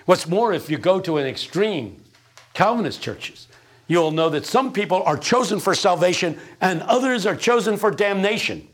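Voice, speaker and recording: A man's voice: high-pitched, lively intonation, normal speed. An older man preaching a sermon, emphatic and folksy, telling stories with wry asides.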